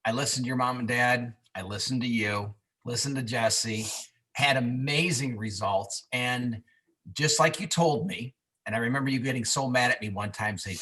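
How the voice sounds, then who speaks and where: A man's voice: mid-range voice, normal speed, bright, forceful tone. A man on a video call telling his story in a candid, self-mocking way. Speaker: guest on a business video call. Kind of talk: casual testimonial chat.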